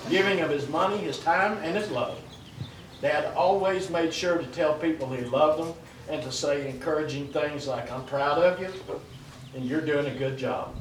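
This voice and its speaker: A man reading written eulogies aloud at a memorial in a loud, plain-spoken way, adding asides. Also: on the high side, normal speed. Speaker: brother-in-law reading eulogies. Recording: echoey, distant, noisy outdoor video.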